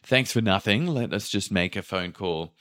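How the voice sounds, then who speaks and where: Low male storyteller, casual podcast chat, lively quoted voices. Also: moderate pace. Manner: animated, acts out quotes, swears casually. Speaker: podcast host telling a travel story.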